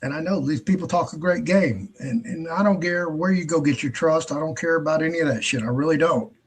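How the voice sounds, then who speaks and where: A man's voice: on the high side, a little fast, husky. A man hosting his own show in a casual, rambling monologue, blunt and heavy on profanity. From United States. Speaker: host.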